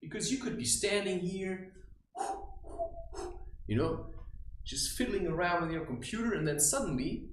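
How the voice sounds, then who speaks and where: A man's voice: sits high, normal speed, pauses often, echoey room, rough recording. A man giving a rambling spiritual monologue, provocative and mocking. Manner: animated, provocative, with mocking asides. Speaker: spiritual vlogger.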